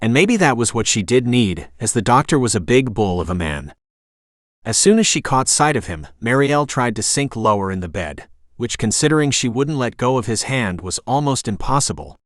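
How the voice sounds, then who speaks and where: A man's synthetic voice reading a romance novel as audiobook narration, smooth and even in delivery. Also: mid-range voice, no room sound, clean studio sound. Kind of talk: scripted narration.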